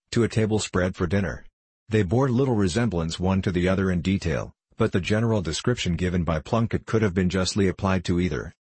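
A man narrating a story in a measured, even reading. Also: deep voice, husky, no room sound. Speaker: audiobook narrator. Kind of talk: scripted narration.

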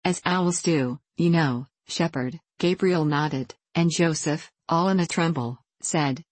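A woman's voice: deep voice, takes it slowly, hardly any pauses, no room sound. A woman reading a classic novel aloud as an audiobook narrator, giving the rustic characters a country dialect. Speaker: audiobook reader.

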